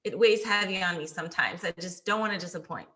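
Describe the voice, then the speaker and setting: Bright-voiced chatty young woman. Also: on the low side, fast. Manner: chatty, animated, acts out quoted voices. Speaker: podcast guest, bikini competitor. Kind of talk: casual chat.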